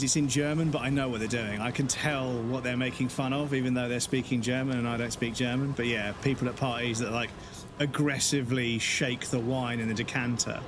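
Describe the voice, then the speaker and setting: A man's voice: mid-range voice, noisy background. A man live-streaming a video game, chatting casually and rambling through stories, swearing often and laughing as he talks. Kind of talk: casual live-stream chat while gaming. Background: game music.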